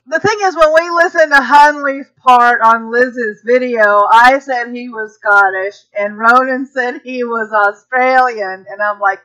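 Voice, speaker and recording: A woman's voice: a little high, a little slow, few pauses, pushed and bright, rough recording. A woman from Georgia hosting a casual livestream chat, chatty and laughing often. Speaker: podcast host.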